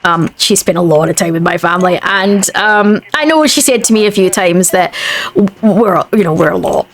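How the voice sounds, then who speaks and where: A woman's voice: fairly low pitch, normal speed. Chatty Scottish woman streamer. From Scotland. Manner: chatty, rambling, frequent restarts. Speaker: gaming streamer. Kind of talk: casual chat while gaming.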